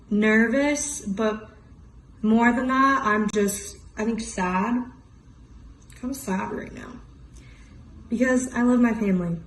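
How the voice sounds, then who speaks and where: A woman's voice: mid-range voice, darkish tone, echoey room, poor audio. A woman in her twenties talking candidly to camera in a casual vlog, full of "like" and "you know". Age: 20s. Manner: chatty, frequent "like" and "you know", candid and emotional. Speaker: vlogger.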